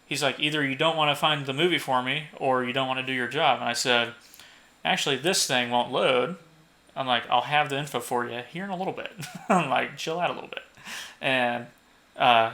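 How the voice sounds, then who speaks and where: A man's voice: medium pitch, pushed and bright. A young man co-hosting a podcast, telling a work story casually, swearing and laughing as he acts out what people said. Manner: swears freely, laughs at own stories, acts out quoted lines. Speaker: podcast co-host.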